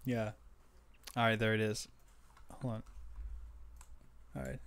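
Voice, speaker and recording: A man's voice: on the low side, little pitch movement, takes it slowly, gravelly, a bit bright, slight background noise. A young man co-hosting a podcast, chatting casually, hesitant, full of restarts and fillers, and laughing easily. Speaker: podcast co-host. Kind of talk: casual chat.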